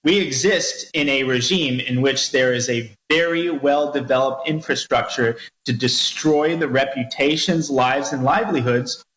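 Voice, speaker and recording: A man speaking as a guest commentator in an interview, measured and deliberate. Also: medium pitch, fairly bright tone. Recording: roomy echo.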